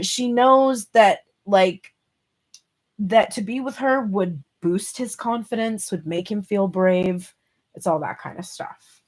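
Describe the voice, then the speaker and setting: A woman's voice: mid-range voice, a little mellow. A woman giving a casual tarot reading, chatty and playful, laughing often and swearing casually. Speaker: tarot reader.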